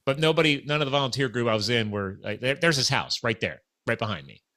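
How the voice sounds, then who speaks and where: Guy with a bright forceful voice rambling through a story, acts out what people said. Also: medium pitch, fast talker. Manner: animated, acts out quoted dialogue. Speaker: podcast guest telling a story. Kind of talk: casual storytelling chat.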